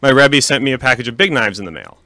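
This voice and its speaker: A man's voice: mid-range voice, lively intonation, fast talker, noisy background. A man talking casually in an interview about founding his meat business, with many restarts and fillers. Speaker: kosher meat company founder.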